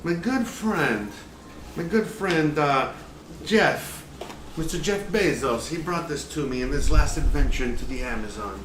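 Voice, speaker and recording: Man putting on a Southern gentleman, high put-on Southern drawl, slow and hammy, roomy distant noisy room. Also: animated. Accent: American Southern drawl, put on. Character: drawling old-fashioned Southern gentleman cook.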